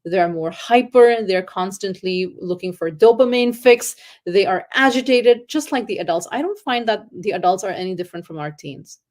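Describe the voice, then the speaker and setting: A woman speaking at a parenting conference in an animated, earnest teaching tone. By her own account she is loud and excitable. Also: medium pitch, normal speed, few pauses. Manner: earnest, teaching tone with faith terms. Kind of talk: conference talk.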